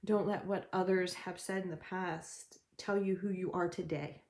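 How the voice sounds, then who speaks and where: A woman's voice: on the low side, fairly even intonation, normal speed, darkish tone. Chatty encouraging woman tarot reader. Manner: encouraging, chatty, laughs often. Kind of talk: general tarot reading.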